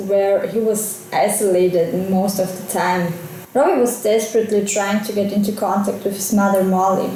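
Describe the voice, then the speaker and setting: Mellow-voiced woman telling a true crime story. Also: medium pitch, very echoey, a little hiss or hum, rough recording. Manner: conversational, personal asides while recounting events.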